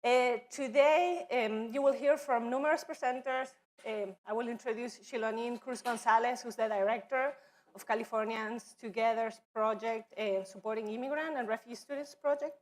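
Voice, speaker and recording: A woman's voice: fairly high pitch, moderate pace. A woman with a foreign accent opening a workshop for educators as its coordinator, speaking hesitantly with many fillers and restarts, in a training room. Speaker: immigrant relations coordinator. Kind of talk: workshop welcome and presentation. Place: training room with audience at tables.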